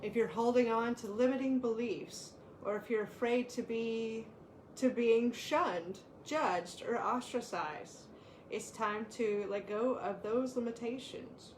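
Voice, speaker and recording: A woman co-hosting a spiritual talk, reading card meanings aloud in a measured way and laughing often in the chat. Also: a little high, darkish tone, reverberant, slight background noise, rough recording.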